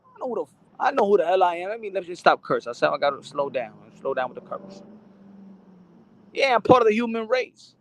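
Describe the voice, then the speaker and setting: High-voiced and quick, the host of a boxing channel swings widely in pitch as he rants casually on camera. He swears a lot, stumbles and repeats himself, and mixes in Spanish phrases along the way.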